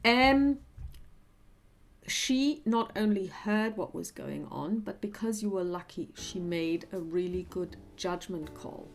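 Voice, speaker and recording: A woman's voice: mid-range voice, takes it slowly. A woman narrating a tabletop horror game as game master, friendly and hesitant, with many fillers.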